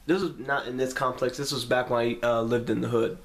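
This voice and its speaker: A young man telling a story to the camera in a casual, profane way, acting out his own lines with sudden jumps in pitch. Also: steady tone, brisk. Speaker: vlogger.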